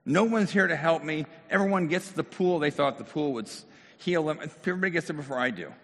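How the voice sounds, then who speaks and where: A man's voice: fairly high pitch, quick pace, a bit bright, long reverb tail, pitched above the performer's own voice. A man voicing a weary crippled man who pleads that nobody will help him. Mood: exasperated. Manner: pleading, exasperated.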